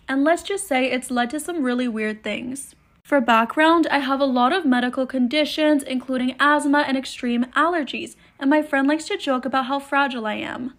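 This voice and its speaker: A woman reading an online story aloud, brisk and matter-of-fact, adding blunt opinions of her own. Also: high-pitched. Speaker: storytime narrator.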